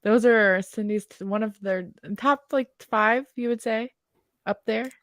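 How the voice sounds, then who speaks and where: A woman's voice: on the high side, unhurried, no echo. Young woman podcast host, teasing and giggly, dry close mic. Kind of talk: casual chat.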